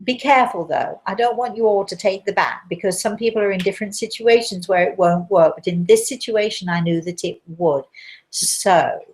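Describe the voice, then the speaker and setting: A woman hosting a live talk show, telling a story in a chatty, animated way. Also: mid-range voice, moderate pace. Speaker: host.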